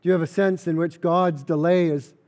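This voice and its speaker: Earnest preaching man, mellow voice. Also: on the high side, steady tone, brisk. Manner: earnest preaching with emphatic repetition. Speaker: pastor. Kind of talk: sermon.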